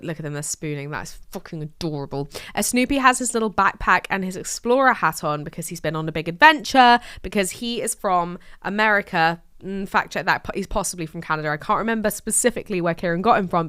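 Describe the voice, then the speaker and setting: A woman's voice: fairly low pitch, fairly bright tone, smooth, no room sound, studio quality. An English woman hosting a solo diary podcast, chatting in rambling, sweary, self-mocking rants. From England. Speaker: podcast host.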